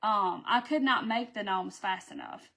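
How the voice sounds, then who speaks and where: A woman's voice: mid-range voice, measured pace, vocal fry, sharp tone. A woman, chatting casually with live viewers about her clay crafts and answering their comments. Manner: chatty, folksy, says "y'all", reads out viewer comments. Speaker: craft live-stream host.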